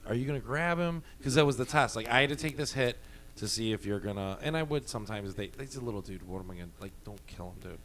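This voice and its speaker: Man, casual storyteller, profane and animated, mid-pitched. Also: fast, slight background noise. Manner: animated, profane, laughs often.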